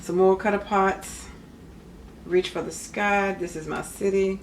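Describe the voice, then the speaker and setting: In a medium-pitched voice with fairly even intonation and a measured pace, a middle-aged crafting vlogger walks through her craft paper haul. It's a casual, rambling show-and-tell full of joking asides, and a little hiss or hum sits in the audio.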